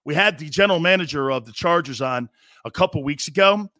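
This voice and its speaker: Brief: middle-aged male sports radio host, high-set voice, blunt and emphatic, dry close mic. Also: lively intonation, brisk, pushed and bright, no room sound. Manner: emphatic, blunt, acts out quoted players. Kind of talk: sports talk radio monologue.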